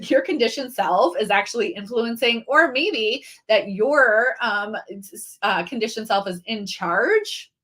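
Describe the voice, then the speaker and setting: A woman's voice: on the high side, pushed and bright. A middle-aged woman leading a live online training, talking casually with many fillers and restarts and greeting viewers by name. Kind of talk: live-streamed teaching talk.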